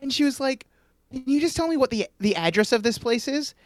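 A man's voice: very high-pitched, expressive, a little fast, no echo, clean studio sound. A young man in his twenties, a podcast co-host, telling a story in casual chat and laughing often as he goes.

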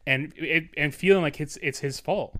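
A man's voice: a little high, moderate pace, sharp tone. A man co-hosting a casual podcast chat, steering the conversation in an earnest, heartfelt way. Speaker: podcast co-host. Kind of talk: casual chat about a musical.

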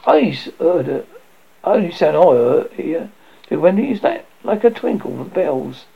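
An earnest, questioning little girl, as a storyteller puts her on, pitched high and lively. The tone is husky and slightly gravelly. The recording sounds dull and lo-fi. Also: a little slow, exaggerated voice. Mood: curious. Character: well-mannered young girl, curious and earnest.

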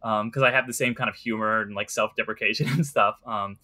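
A man's voice: on the low side, steady tone, fairly quick, sharp tone. A young man in casual conversation about movies, rambling and earnest, with many fillers.

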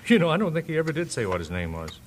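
A man's voice: fairly high pitch, very animated, a little fast, a little hiss or hum. An actor playing a friendly, easygoing 1950s family father in a radio drama. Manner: easygoing, laughs often. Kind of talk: 1950s-style radio acting.

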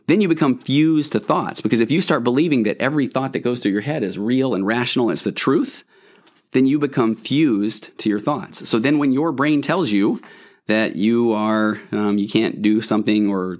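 A man working as a therapist, explaining a therapy model on a podcast in an enthusiastic, conversational teaching way with self-deprecating humor. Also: fairly low pitch.

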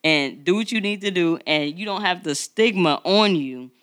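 A woman's voice: on the low side, moderate pace, a bit bright. A woman co-hosting a podcast in casual, emphatic chat, laughing often. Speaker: podcast co-host.

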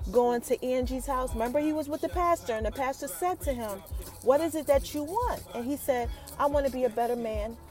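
Woman podcaster with a high voice, hyped and chatty, soft music under her. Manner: animated storyteller, talks straight to listeners. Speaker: podcast host. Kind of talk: chatty TV episode recap.

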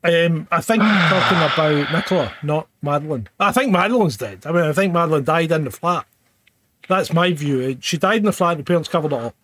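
A high-voiced man co-hosts a casual streamed chat from home. His pitch swings around a lot as he teases and swears, and the sound is dry and close. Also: expressive, fairly quick, a bit bright, no room sound. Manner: sweary, teasing, laughs often. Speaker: co-host of a live-streamed chat show.

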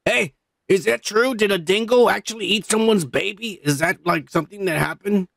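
A podcast host, a man who is high, rambling loosely in casual chat and swearing a lot. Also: normal speed, creaky, fairly bright tone, no room sound. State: high on cannabis.

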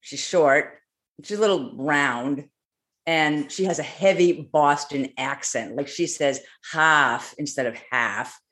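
A man's voice: on the high side, slow pace, fairly bright tone. A man telling a personal story in a wry, detailed, conversational way. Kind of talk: personal story told on stage.

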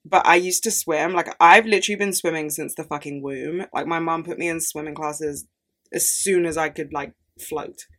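Speaking at a normal speed, this podcast host has a low, steady, slightly bright voice. She's a young woman in her early twenties going solo, chatting casually, cursing a lot and breaking into dramatic rants.

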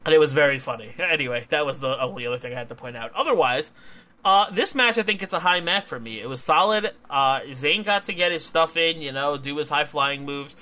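Bright-voiced excitable young man recapping. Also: on the high side, a little fast. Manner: excitable, swearing, laughs often. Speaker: wrestling podcast co-host. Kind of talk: casual podcast chat, recapping a match.

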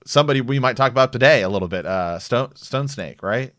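A man's voice: medium pitch, animated, a little fast, fairly bright tone, dry recording, studio quality. A man hosting a podcast, chatting casually and reading book passages aloud, rambling with frequent restarts. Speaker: podcast host.

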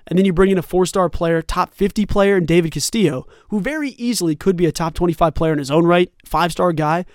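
Hosting a sports podcast, a young man with a slightly high voice delivers casual, animated commentary that meanders through numerous asides. The sound is clean, dry studio audio.

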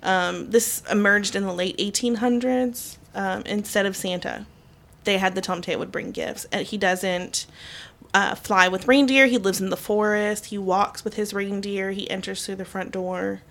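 Speaking at a measured pace in a steady, slightly bright medium-pitched voice, a woman co-hosts a casual podcast. She walks through folklore, sprinkling in frequent ums and likes.

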